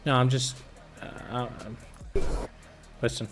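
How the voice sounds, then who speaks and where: A man's voice: mid-range voice, flat delivery, slow, music in the background. A man streaming casual, profane commentary on war news, reading headlines and reacting bluntly. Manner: profane, blunt, bursts of loud laughter.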